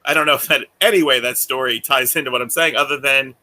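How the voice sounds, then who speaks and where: A podcast co-host with a strikingly bright, edgy voice rambles through casual chat. He laughs often and slips into the voices of people he quotes. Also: medium pitch, steady tone, fast talker.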